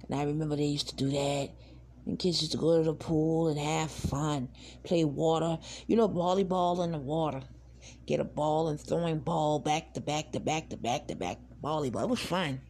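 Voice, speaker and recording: A woman's voice: deep voice, moderate pace, darkish tone, slightly rough. A woman hosting a podcast, telling rambling, laid-back childhood stories in casual talk. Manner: rambling, laid-back, swears and laughs while reminiscing. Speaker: podcast host. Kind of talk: casual storytelling monologue.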